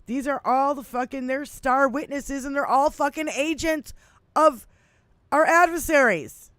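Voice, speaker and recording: A woman's voice: high-pitched, unhurried, a bit bright, no echo. A woman in her fifties co-hosting a casual political podcast chat, swearing freely, talking with animation and laughing often. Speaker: podcast co-host.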